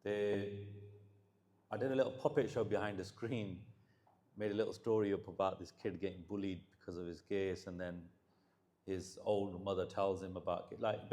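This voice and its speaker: A man delivers a religious talk in a fairly low voice. He tells stories and slips Punjabi phrases into his English. His delivery grows more emphatic as the talk builds. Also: darkish tone, reverberant. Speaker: Sikh preacher.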